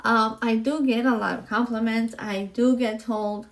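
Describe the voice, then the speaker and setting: A woman's voice: fairly high pitch, steady tone, normal speed. A woman hosting a podcast, telling a personal story in a heartfelt, rambling way with many fillers, close to tears at times. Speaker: podcast host.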